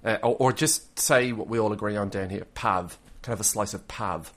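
A man's voice: on the low side, brisk, a bit bright. An Australian man co-hosting a podcast, joking his way through listener mail with a lot of stammering restarts. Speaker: podcast co-host. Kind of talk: casual chat.

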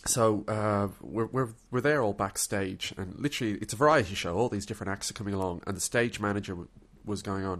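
A man's voice: fairly low pitch, brisk, few pauses, fairly bright tone. A man with an Australian accent, co-hosting a podcast, telling a rambling story and repeating his words. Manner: rambling, repeats words, acts out quoted people. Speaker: podcast co-host. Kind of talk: casual storytelling chat.

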